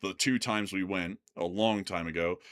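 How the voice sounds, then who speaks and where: A man's voice: low-pitched, steady tone, normal speed, a bit bright. An American man co-hosting a channel, chatting casually and rambling with lots of "like" and "man" between laughs. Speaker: co-host of a news commentary channel. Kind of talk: casual chat.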